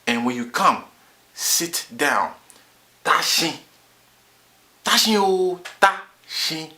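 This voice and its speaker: A man's voice: fairly high pitch, lively intonation, very slow, bright, forceful tone. A man giving a comic language lesson, boastful and drilling each word again and again. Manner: boastful, repeats words in drills. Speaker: vlogger teaching words.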